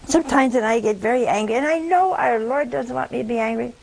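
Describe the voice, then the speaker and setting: A woman's voice: on the high side, quick pace, gravelly, low-quality recording. An older woman giving a sermon, telling humorous stories in a folksy way and acting out the dialogue. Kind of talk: sermon with storytelling.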